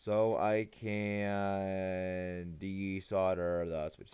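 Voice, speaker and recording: A man's voice: low voice, little pitch movement, very slow, darkish tone, smooth. A tired young man chatting casually on a live game stream, rambling and hesitant, often restarting his sentences. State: tired, yawning.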